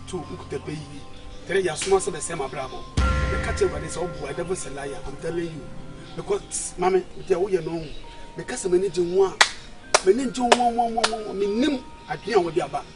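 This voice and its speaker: An actor with a Ghanaian accent playing an excitable young man who pleads and switches between Twi and pidgin English. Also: fairly high pitch, a little fast, close to an everyday voice. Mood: begging. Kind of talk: film drama acting. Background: loud film music.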